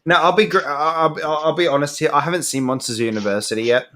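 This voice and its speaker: A man's voice: a little high, fast, fairly bright tone. A man co-hosting a casual movie podcast, hesitant and full of restarts as he speculates. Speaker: podcast co-host. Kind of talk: casual chat about movies.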